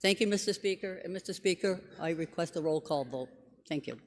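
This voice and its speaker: A state legislator reading a measured, formal floor speech that lists objections one by one. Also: medium pitch. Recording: long reverb of a legislative chamber.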